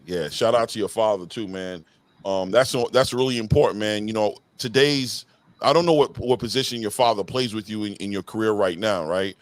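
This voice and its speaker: A man's voice: fairly low pitch, moderate pace, dry recording. A man hosting an interview, asking long, rambling questions in a casual way.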